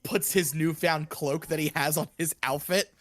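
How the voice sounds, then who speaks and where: A man playing a tabletop game who chats quickly and mocks himself. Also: fairly high pitch, steady tone, a bit bright, no echo, clean studio sound, soft background music. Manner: quick, self-mocking, chatty. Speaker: player. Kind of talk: casual tabletop play.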